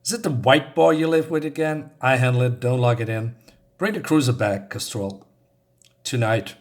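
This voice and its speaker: A man voicing a gruff male police sergeant, reading his scolding orders from a comic. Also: medium pitch, normal speed, natural voice.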